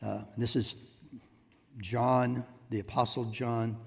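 A man preaching a sermon as pastor, swinging between hushed asides and loud emphatic bursts. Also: medium pitch, level tone, takes it slowly, creaky, husky. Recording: long reverb of a church hall.

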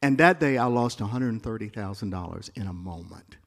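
A male pastor preaching a sermon in a church, moving between quiet, confiding asides and loud, rising climaxes. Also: fairly low pitch, animated, a little fast, gravelly, in a large hall.

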